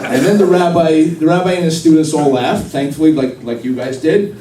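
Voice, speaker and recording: A man's voice: a little high, a little fast, dark tone. Young man doing stand-up in an echoey hall. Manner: rambling, self-deprecating punchlines. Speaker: stand-up comedian. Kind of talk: stand-up comedy set. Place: live event hall with an audience. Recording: echoey hall recorded from far off with crowd noise.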